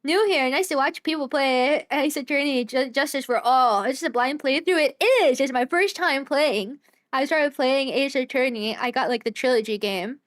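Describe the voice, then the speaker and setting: A young woman streamer giving casual live game commentary, excitable with loud exasperated outbursts. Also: high-pitched, normal speed.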